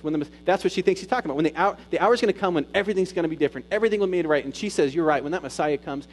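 A man preaching a sermon as pastor, rising to loud emphatic peaks and dropping to soft, intimate retelling. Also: fairly high pitch, racing, few pauses, low-quality recording.

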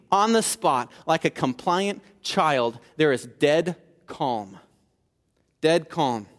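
A man preaching a sermon in a conversational style, building to emphatic peaks and dropping low for asides. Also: big-room sound. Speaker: pastor.

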